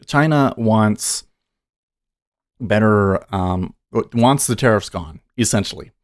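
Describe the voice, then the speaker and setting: A man streaming live day trading, talking casually and thinking aloud as he watches the market. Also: lowish voice. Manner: thinks aloud, musing and unhurried.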